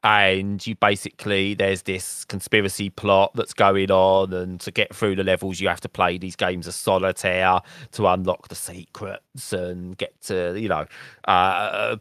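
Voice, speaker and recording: A man's voice: low-pitched, flat delivery, measured pace, a bit bright, clean tone, no room sound. A man co-hosting a gaming podcast in casual chat, with a joking, sarcastic manner. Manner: sarcastic, jokey. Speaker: podcast co-host.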